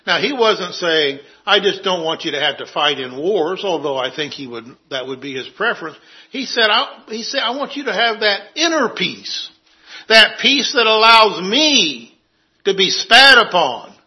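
A man preaching a sermon, earnestly citing scripture and dropping his voice for quiet emphasis. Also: high-pitched, lo-fi sound.

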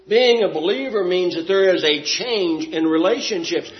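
Male preacher, somewhat high voice, emphatic and rhetorical, dull lo-fi recording. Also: big pitch swings, moderate pace, few pauses. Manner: emphatic, rhetorical questions, swings loud and soft. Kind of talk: sermon. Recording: dull lo-fi sound.

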